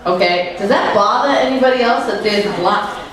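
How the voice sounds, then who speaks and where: A woman's voice: mid-range voice, moderate pace, fairly bright tone. A woman, doing brash, self-mocking live stand-up comedy. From New York. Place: comedy club stage. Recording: echoey live room, mic at a distance. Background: audience laughter.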